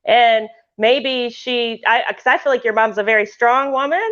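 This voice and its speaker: A woman's voice: a little high, fairly even intonation, moderate pace, fairly bright tone. Rambling woman in casual spiritual chat. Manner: rambling, many restarts, laughs often. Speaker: podcast host. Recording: muffled lo-fi sound.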